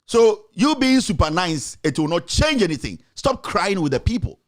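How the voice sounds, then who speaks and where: Fiery high-pitched man. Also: very animated, moderate pace. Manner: urgent, forceful and repetitive, rising to shouts. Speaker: political commentator. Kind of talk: impassioned political commentary.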